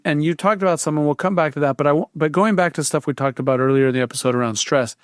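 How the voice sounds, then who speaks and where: A man's voice: medium pitch, dry recording, clean studio sound. Male podcast co-host steering toward practical takeaways. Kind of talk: conversational podcast interview.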